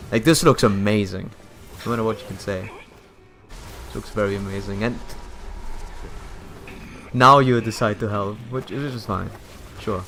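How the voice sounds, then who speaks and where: A man's voice: lowish voice, unhurried, pauses often, a bit bright, a little hiss or hum. Jokey young man narrating his gameplay. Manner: chatty, jokey, frequent stumbles and laughter. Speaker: gaming streamer. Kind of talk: casual gameplay commentary.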